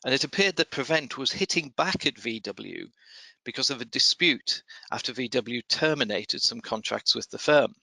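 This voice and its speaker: A man hosting a podcast, reading procurement news in a measured, dryly wry way and then interviewing a guest. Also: mid-range voice, lively intonation, creaky, sharp tone, no echo, low-quality recording. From United Kingdom. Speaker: podcast host. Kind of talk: scripted news commentary and interview.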